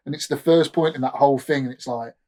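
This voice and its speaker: A man's voice: medium pitch, fast talker, dark tone. A man co-hosting a podcast in casual chat, rambling through anecdotes and trailing off mid-sentence. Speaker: podcast co-host.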